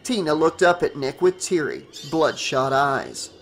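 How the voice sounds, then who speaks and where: A man reading a horror novel aloud as an audiobook, in a steady storytelling manner. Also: a little high, unhurried, slight background noise. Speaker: audiobook narrator.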